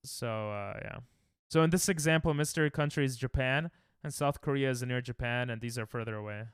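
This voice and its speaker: A man's voice: medium pitch, a little fast, clear, resonant tone, no room sound, studio quality. A young American man streaming a geography guessing game, thinking aloud and trash-talking his chat. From United States. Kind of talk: casual live-stream chatter while playing.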